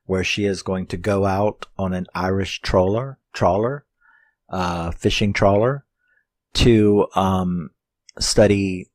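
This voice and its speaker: A man's voice: deep voice, dry recording, clean studio sound. A man casually reviewing a horror film, rambling and swearing as he retells the plot with laughs. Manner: rambling, profane, laughing storytelling.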